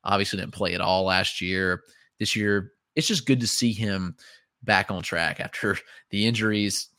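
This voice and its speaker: A man with a low, bright, forceful voice chats as a podcast co-host. The sound is dry and close, and his delivery is measured and easygoing. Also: no room sound. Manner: measured, agreeable, uses "you know" often. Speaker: fantasy baseball podcast co-host. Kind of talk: casual podcast chat.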